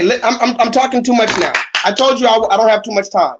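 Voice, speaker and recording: A man holds forth on a casual livestream, loud and animated, tripping over his own sentences as he rushes on. The stream audio is a little dull and lo-fi. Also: very high voice, husky. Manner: loud, animated, talks over himself with restarts. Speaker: livestream host.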